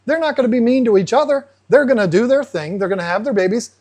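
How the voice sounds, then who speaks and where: An American man hosting an aquarium channel talks fast in an extremely high voice. He explains things casually and breaks into animated, playful asides where he acts out the fish's voices.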